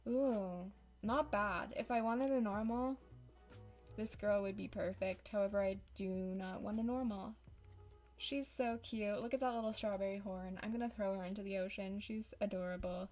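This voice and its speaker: A woman's voice: mid-range voice, fairly even intonation, normal speed, darkish tone, faint music behind. A woman giving casual, dramatic and sarcastic commentary over a game, close on a desk microphone. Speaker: YouTuber.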